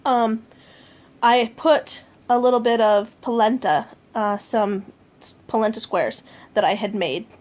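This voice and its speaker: Chatty woman with a fairly high voice. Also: fairly even intonation, measured pace, darkish tone. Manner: chatty and rambling, with fillers and self-corrections. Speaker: vlogger. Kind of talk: casual food diary vlog. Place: at home.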